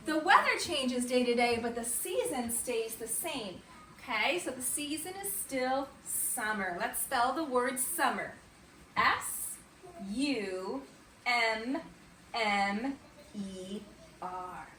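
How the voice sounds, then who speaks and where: A woman teaching kindergarten and first graders in an online morning meeting, slow and sing-song. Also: a little high, big pitch swings, fairly bright tone, reverberant, recorded from a distance, slight background noise. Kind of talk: remote morning meeting lesson. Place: at home or classroom on camera.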